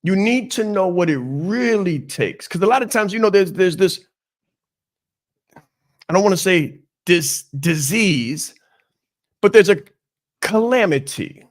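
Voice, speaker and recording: A man's voice: sits high, expressive, slow, pauses often. A man hosting a business podcast as a coach, giving an emphatic motivational talk and repeating his key phrases.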